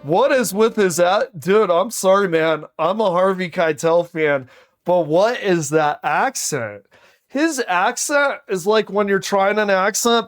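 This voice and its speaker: A male streamer reacting to a video in casual chat. He is slangy, keeps saying "dude" and thinks out loud. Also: sits high.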